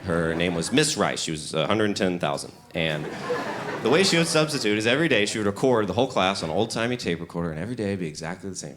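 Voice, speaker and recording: Animated young man doing stand-up. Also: deep voice, crowd noise. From Royston, Georgia, US South. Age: young adult. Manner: animated storytelling, quick bursts of put-on voices. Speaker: stand-up comedian. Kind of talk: stand-up comedy set. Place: comedy club stage before a laughing audience. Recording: noisy live club with audience laughter.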